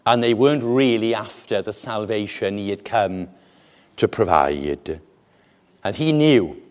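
A male preacher gives a sermon at a slow, measured pace. His pitch swings widely, climbing high on the exclamations and dropping low and quiet on the solemn lines. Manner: animated, deliberate preaching with dramatic pauses.

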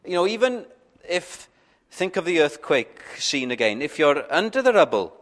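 A man's voice: on the high side, very animated, moderate pace, fairly bright tone. A man preaching an evangelical sermon, pleading with his listeners in questions, stumbling on first words and building to fervent peaks. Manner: stammers on openings.

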